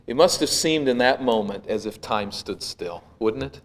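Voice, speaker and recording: A male pastor preaching a sermon, retelling a scene with vivid, dramatic storytelling that swells and drops to a hush. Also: medium pitch, expressive, normal speed, few pauses.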